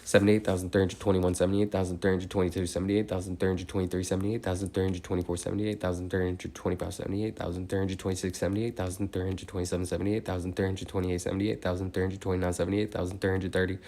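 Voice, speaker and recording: A young man steadily counting numbers out loud, breaking off now and then to ramble casually. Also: low voice. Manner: steady rapid number recitation, rambling slangy tangents. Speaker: streamer counting aloud. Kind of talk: monotone counting with casual asides.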